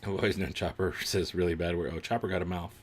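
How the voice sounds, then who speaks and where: A man's voice: sits low, fairly even intonation, quick pace, husky. A man hosting a live watch-along stream, chatting casually with viewers, reacting to the show and laughing often.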